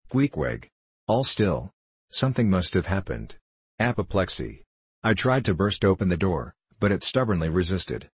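Low husky male audiobook narrator. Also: no echo. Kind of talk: first-person literary narration.

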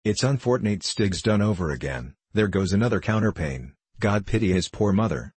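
A bossy innkeeper woman who scolds and frets over her house, as a male reader puts her on. The voice sits low and husky, recorded dry and close. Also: animated, fairly quick, darkish tone, no room sound. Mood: scolding. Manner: scolding, fussy, exclaiming. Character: bossy fussing innkeeper woman, middle-aged. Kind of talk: audiobook character voice.

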